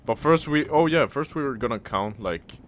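A man's voice: mid-range voice, animated, moderate pace, slight background noise. A young man hosting a casual co-op game session, playful, counting things aloud and repeating jokes. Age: young adult. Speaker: channel host. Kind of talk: casual gaming chat.

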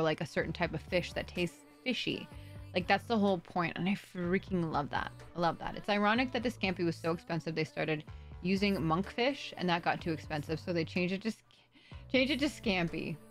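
A woman livestream host chatting casually with viewers, bubbly and rambling as she reads chat aloud. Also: fairly low pitch.

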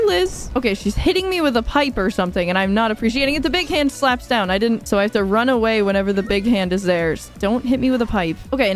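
A young woman streaming a video game, reacting in excitable, squealing commentary as she plays. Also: on the high side.

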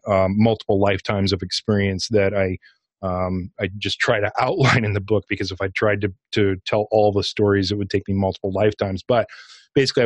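A middle-aged man, a podcast guest and author, telling a personal experience in a casual, animated way, acting out his own inner dialogue. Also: lowish voice, no room sound. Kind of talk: interview storytelling.

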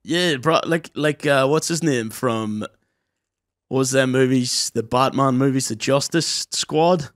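A man's voice: mid-range voice, measured pace, dry recording, studio quality. A young man co-hosting a podcast in casual, sweary chat, acting out people in his stories. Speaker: podcast co-host.

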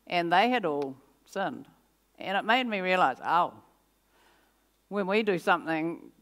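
Invited to speak in church, this older woman tells her testimony with energy, frequently laughing and performing how she reacted at each moment. She has a lowish voice.

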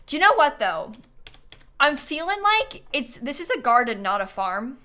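A woman's voice: high voice, very animated, normal speed, bright, forceful tone. A woman streaming a game, gushing and giggling in casual live commentary.

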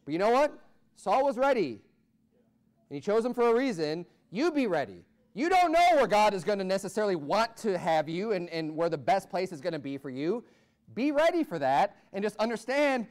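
An American man preaching a sermon as pastor, swinging from loud, rising peaks to low asides. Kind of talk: fiery Baptist sermon.

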